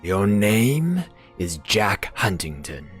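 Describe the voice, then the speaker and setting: A man with a very deep voice reads a game's story text in a slow, measured, brooding way. His let's-play narration carries a dramatic weight, with faint music playing underneath. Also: big pitch swings, husky.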